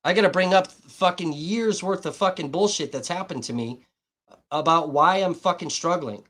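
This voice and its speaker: A man's voice: sits high, normal speed, a bit bright. A man hosting a livestream, ranting bluntly and abrasively with heavy swearing. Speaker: livestream host. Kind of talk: heated livestream rant.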